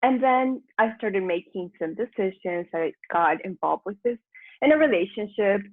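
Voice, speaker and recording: Husky-voiced woman on a phone-like line. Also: mid-range voice, animated, moderate pace, no echo. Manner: chatty, laughs easily, acts out her own past thoughts. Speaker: guest, personal transformation mentor. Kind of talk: candid storytelling interview.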